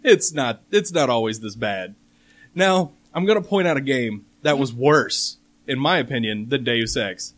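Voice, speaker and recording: A man hosting a casual gaming podcast, laying out details with wry, deadpan sarcasm. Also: mid-range voice, a little slow. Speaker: podcast host. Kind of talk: casual panel chat.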